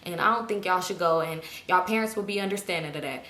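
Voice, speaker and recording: A woman's voice: lowish voice, fast talker, sharp tone, roomy sound, pitched below the performer's own voice. A woman voicing a strict, overprotective middle-aged father who rambles and lectures. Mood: lecturing. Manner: preachy, rambling.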